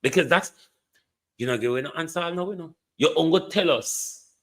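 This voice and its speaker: A man's voice: on the high side, normal speed, a bit bright. A man with a Jamaican accent giving heated political commentary, scornful and dropping into Patois as he keeps addressing the Prime Minister. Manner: mixes Jamaican Patois into English.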